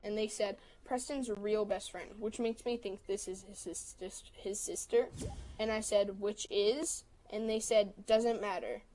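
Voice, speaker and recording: A woman on a livestream telling a story in a casual way, quickly quoting both sides of a text argument. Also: medium pitch, fairly even intonation, warm tone, slight background noise, poor audio. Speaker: livestream host.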